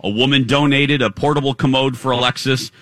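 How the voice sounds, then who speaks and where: A male morning radio host tells a comic story to his co-hosts on air. His voice is bright and forward, and his delivery is playful and full of jokes. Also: mid-range voice, steady tone, brisk, dry recording. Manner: playful storyteller, joking, laughs often. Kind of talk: live morning radio chat. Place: live broadcast from a theater stage.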